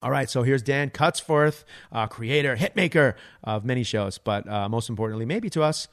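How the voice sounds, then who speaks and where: A man who is a chef hosting a casual podcast, chatty and playful and quick to tease his guest. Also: mid-range voice, no echo, clean studio sound.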